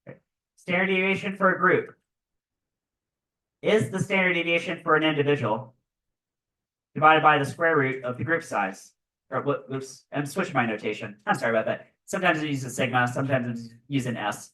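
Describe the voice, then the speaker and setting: A male physics teacher giving a classroom lecture, animated and constantly checking in with "right?". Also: mid-range voice, brisk, pauses often, far from the mic, low-quality recording. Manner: animated, keeps asking "right?".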